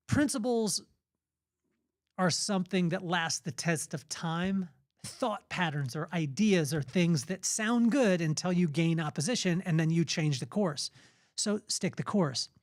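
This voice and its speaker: Male podcast host, middle-aged, earnest and preachy, telling stories off the cuff, bit of a higher voice. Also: slow, long pauses, no echo, studio quality. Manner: earnest, preachy, spontaneous storytelling. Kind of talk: motivational faith talk.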